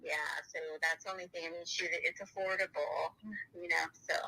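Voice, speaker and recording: A woman's voice: lowish voice, steady tone, brisk, pushed and bright, breathy edge, rough recording. A woman agent describing a property, hesitant and easygoing, with many fillers. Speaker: listing agent. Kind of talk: phone conversation.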